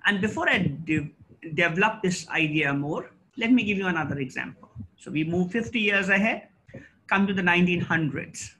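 A man's voice: high-pitched, lively intonation, bright, forceful tone, a little hiss or hum, poor audio. Emphatic middle-aged man lecturing. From India. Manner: emphatic, rhetorical, pauses and restarts. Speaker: guest lecturer. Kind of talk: formal lecture.

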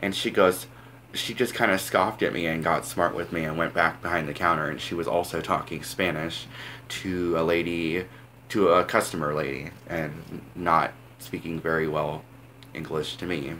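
Deep-voiced young man rambling through a story. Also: steady tone, moderate pace, a bit bright, slight background noise. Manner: rambling, filler-heavy, says "like" a lot. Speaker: vlogger. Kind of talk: casual storytelling vlog.

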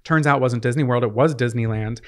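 A man co-hosting a podcast, telling stories in animated casual chat. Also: medium pitch, quick pace. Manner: animated storytelling. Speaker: podcast co-host.

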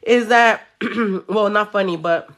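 A woman nail artist, telling a story casually while she does nails at home, animated, swearing freely and slipping into Spanish. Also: medium pitch, slow pace. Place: home room.

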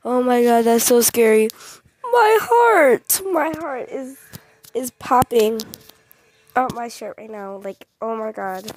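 A woman's voice: on the high side, fairly even intonation, a little slow, darkish tone. A young woman hosting a gaming channel, easily scared, who repeats her phrases and talks straight to her viewers. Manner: repeats short phrases over and over. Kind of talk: excited gameplay commentary.

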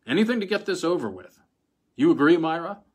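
Brief: male reader voicing a brusque husband, hurried, a little higher. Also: big pitch swings, husky. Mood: impatient. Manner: quick, impatient. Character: impatient, smooth younger husband.

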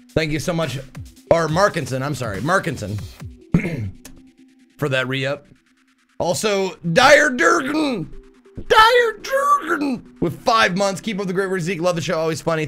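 Slow-talking, high, lively male streamer. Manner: profane, laughing, reads chat aloud. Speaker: game streamer. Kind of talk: casual live-stream chat.

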